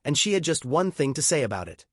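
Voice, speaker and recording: A man's voice: on the high side, big pitch swings, quick pace. A man giving scripted narration with a punchy, setup-style delivery.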